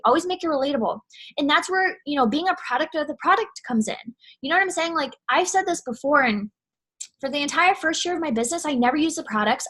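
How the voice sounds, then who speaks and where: Bright, chatty young woman. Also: sits high. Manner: chatty, fillers like "you know what I'm saying", animated quoting. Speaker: network marketing seller. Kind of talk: casual advice vlog.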